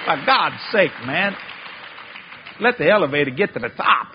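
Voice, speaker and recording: A man preaching a sermon, telling a story in a folksy way with y'all and ain't, swinging from loud exclaiming to low hushed tones. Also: big pitch swings, brisk, vocal fry, lo-fi sound, some chatter behind, a little hiss or hum. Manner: folksy Southern-style speech with y'all and ain't.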